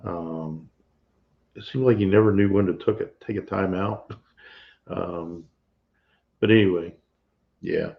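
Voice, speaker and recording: Husband co-hosting a live stream; gravelly, playful, muffled lo-fi audio. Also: male voice, low voice, a little slow, long pauses. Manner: chatty, laughs often, playful teasing. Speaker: co-host of a homestead live stream. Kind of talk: casual chat.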